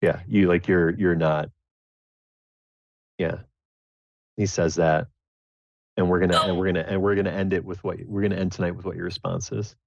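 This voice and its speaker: Low-voiced dude gm-ing, rambly, lots of ums, muffled dry mic. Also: male voice, flat delivery, gravelly, no room sound. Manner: rambling, halting, many fillers. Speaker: game master. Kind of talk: narrating a tabletop game.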